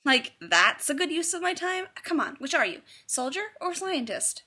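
A woman's voice: sits high, sing-song, normal speed, bright, forceful tone, pitched above the performer's own voice, full character voice. A brusque male scientist fires off questions in a raised, impatient voice, waving off small talk. A woman puts him on while reading a story aloud. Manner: impatient, dismissive.

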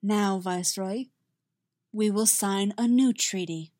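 A woman voicing a young queen who speaks coldly and forcefully. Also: mid-range voice, slow pace, no room sound, studio quality, lightly acted. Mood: defiant. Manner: cold, forceful. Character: cold defiant young queen.

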